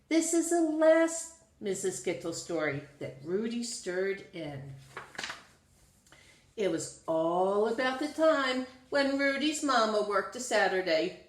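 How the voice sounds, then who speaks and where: A woman reading a children's storybook aloud in an expressive, sing-song storytelling manner. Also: mid-range voice. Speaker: storybook reader. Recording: roomy echo.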